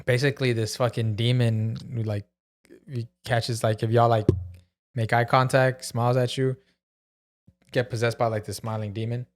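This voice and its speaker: A laid-back man co-hosting a podcast, cursing casually and laughing along with friends. His voice sits in a middle range, neither high nor low, and he drifts easily between stories. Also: flat delivery, normal speed. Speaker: podcast co-host. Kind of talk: casual chat.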